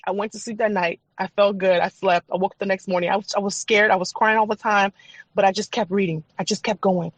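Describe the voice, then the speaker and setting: A woman's voice: mid-range voice, steady tone, fast talker, dry recording. A woman guest on a podcast, telling her personal faith testimony in an emphatic, repetitive, testifying way.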